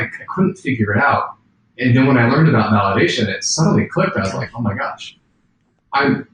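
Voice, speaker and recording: A man's voice: on the low side, a bit bright. A man answering as a podcast guest, earnest and storytelling, laughing easily. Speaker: guest author. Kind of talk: conversational interview answers. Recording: roomy, distant mic with faint background noise.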